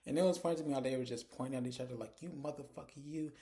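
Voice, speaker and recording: A man's voice: mid-range voice, rapid-fire, warm tone. A young man casually recapping a TV episode as a reviewer, telling it loosely with lots of "like" fillers. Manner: casual, filler-heavy storytelling with frequent "like".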